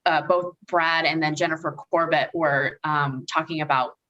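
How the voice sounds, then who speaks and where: A woman's voice: deep voice, fairly even intonation, normal speed, pushed and bright, lo-fi sound. A woman guest in a casual podcast chat, who talks in long runs with many fillers. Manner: rambling, heavy on filler words.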